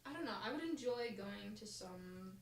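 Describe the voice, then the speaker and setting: A woman's voice: mid-range voice, expressive, normal speed. A woman co-hosting a casual podcast, laid-back and playful. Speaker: podcast co-host. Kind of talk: casual chat. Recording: roomy, distant mic with background noise.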